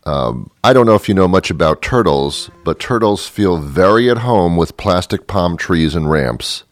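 A man's voice: low-pitched, expressive, normal speed, no room sound. A middle-aged man hosting a show, telling a rambling comic monologue full of self-deprecating, apologetic asides. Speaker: show host.

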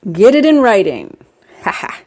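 A woman's voice: wildly swooping pitch, normal speed, darkish tone. A middle-aged woman in a rambling, jokey casual monologue, her voice jumping up for emphasis. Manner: rambling, jokey, with sudden rises in pitch for emphasis. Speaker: vlogger.

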